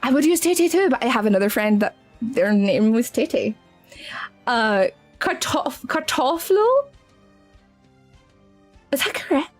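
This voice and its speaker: A woman's voice: fairly high pitch, lively intonation, normal speed, soft background music. A woman with a Scottish accent chatting casually on a live stream as a VTuber, giggly, easily flustered and affectionate toward her viewers.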